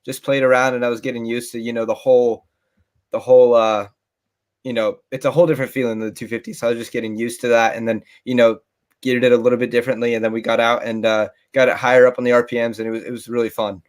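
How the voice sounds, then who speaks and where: A man's voice: medium pitch, level tone, fast. A man co-hosting a casual podcast, loose and hesitant with many fillers.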